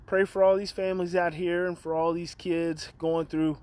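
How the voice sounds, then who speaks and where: Earnest high-voiced man live-streaming. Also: flat delivery, moderate pace, darkish tone. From California. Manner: rambling, earnest, greets viewers by name. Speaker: parenting educator hosting a daily live stream. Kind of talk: casual live-stream talk. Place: outdoors. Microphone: phone on a live stream.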